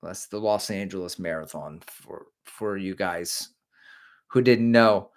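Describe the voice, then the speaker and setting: A man's voice: low voice, unhurried. A middle-aged man hosting a casual live stream, joking and rambling while he reads viewer comments aloud.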